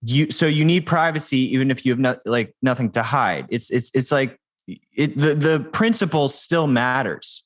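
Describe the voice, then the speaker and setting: Man, podcast guest, tech founder, casual talk, restarts and fillers, average pitch. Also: normal speed. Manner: conversational, many restarts and fillers.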